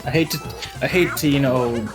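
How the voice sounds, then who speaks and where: A man's voice: medium pitch, fairly quick. A man in casual voice-chat banter, arguing and teasing his friends. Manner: argumentative, teasing. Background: game music.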